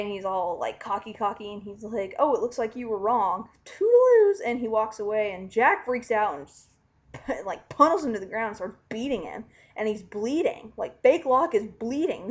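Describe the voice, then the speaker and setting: Chatty woman with dull lo-fi sound. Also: medium pitch. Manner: animated, chatty, swears casually. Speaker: vlogger recapping a TV finale. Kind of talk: casual excited recap. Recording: dull lo-fi home recording.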